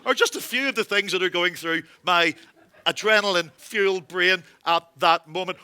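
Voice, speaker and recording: A man from Northern Ireland performing a one-man stage monologue, telling a wry comic story that builds into panicked shouts. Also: sits high, moderate pace, smooth. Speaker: solo theatre performer. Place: theatre stage.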